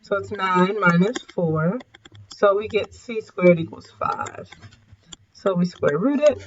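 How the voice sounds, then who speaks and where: A woman's voice: mid-range voice, takes it slowly, a little hiss or hum. Tired woman teaching math, lo-fi. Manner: casual, self-correcting, apologetic asides. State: yawning, tired. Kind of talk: recorded lesson at a whiteboard.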